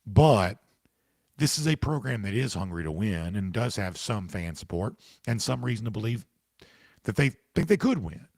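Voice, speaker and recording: Male sports podcast host with the hiccups, emphatic and conversational, husky voice, dry close mic. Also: on the low side, sing-song, moderate pace, a little mellow, dry recording. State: has the hiccups. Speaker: podcast host answering listener comments. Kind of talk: casual opinion commentary.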